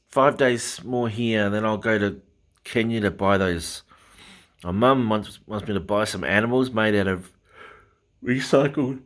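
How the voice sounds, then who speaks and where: A middle-aged man with an Australian accent, his voice sitting very low. He rambles along in a chatty, casual travel diary, blunt and prone to the odd swear word. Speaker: travel vlogger.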